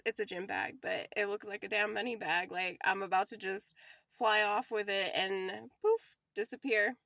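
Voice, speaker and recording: A woman's voice: mid-range voice, steady tone, moderate pace, a bit bright, no room sound, studio quality. A young woman giving a casual, rambling spiritual card reading to her viewers, emotional and laughing often. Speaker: tarot reader.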